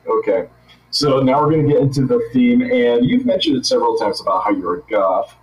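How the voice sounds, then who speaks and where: Male host, playful and laughing easily, lively delivery, echoey room. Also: mid-range voice, a little fast, far from the mic, highs cut off. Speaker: podcast host. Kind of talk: casual interview chat.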